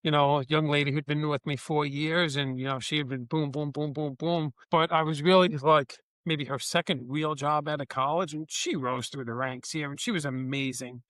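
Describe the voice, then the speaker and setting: A man's voice: a little high, normal speed, hardly any pauses, no echo. A man, a business owner, telling workplace stories in a podcast interview and acting out the dialogue in them. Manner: animated, acts out dialogue in his anecdotes. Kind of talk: conversational storytelling.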